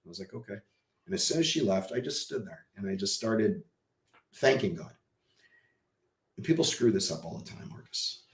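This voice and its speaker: A man with a fairly low voice tells a personal story as a podcast guest, acting out what people said. He drops to a hush, then bursts out loud and excited. The room around him has a roomy echo. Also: moderate pace, pauses often. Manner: vivid storyteller who acts out quoted dialogue; swings from hushed to loud and excited.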